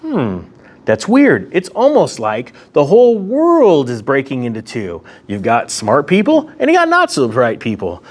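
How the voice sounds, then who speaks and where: A man's voice: a little high, a little slow. A man hosting his own economics commentary vlog, talking casually and sarcastically from a room near a window. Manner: sarcastic, animated, laughs at own jokes. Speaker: host of an economics commentary channel.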